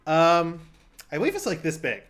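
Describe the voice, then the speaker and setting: A man's voice: on the high side, big pitch swings, moderate pace, fairly bright tone. A man hosting a game show, chatting loosely with frequent ums. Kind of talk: casual hosting banter.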